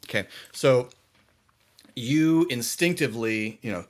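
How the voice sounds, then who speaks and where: A man narrating a tabletop game as game master, halting and full of fillers as he describes the scene. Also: mid-range voice, expressive.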